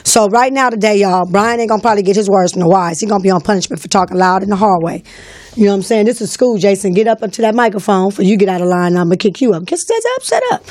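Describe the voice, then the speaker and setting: A woman's voice: mid-range voice, steady tone, quick pace, a little mellow, no echo. A woman hosting a live call-in show, talking in a bossy, teasing, slangy way into a studio mic. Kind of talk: casual live-stream talk. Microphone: studio microphone.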